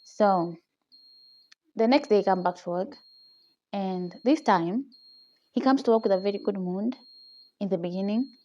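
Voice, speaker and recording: A young Kenyan-accented vlogger recounts a personal story with animation, frequent laughs and lines tagged with "okay?". Her warm, medium-pitched voice keeps a measured pace with frequent pauses, and her phone-camera recording loses the highs.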